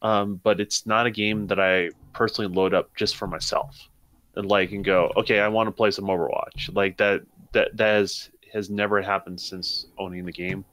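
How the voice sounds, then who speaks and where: A man speaks in a measured, thoughtful way on a gaming chat panel, hedging his views. His voice is fairly low and steady.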